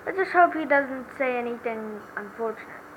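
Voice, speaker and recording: A woman voicing a calm female mentor lawyer, giving soft, measured advice while reading game dialogue aloud. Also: fairly high pitch, slight background noise, natural voice, rough recording.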